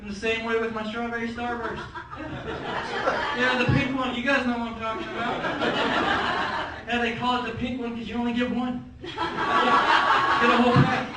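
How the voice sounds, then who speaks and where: A man's voice: very high voice, flat delivery, normal speed, long pauses. A male stand-up comic at an open mic, telling wry stories with playful asides to the crowd. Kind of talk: stand-up comedy set. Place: comedy club at open mic night. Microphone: handheld stage mic. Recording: echoey club, far from the camera, noisy. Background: crowd laughter.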